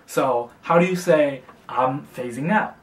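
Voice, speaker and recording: A young man talks slowly and patiently through a casual beginner lesson, repeating each phrase. He sits a little back from the mic in a room with a lot of echo. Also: mid-range voice, far from the mic. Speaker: language tutor.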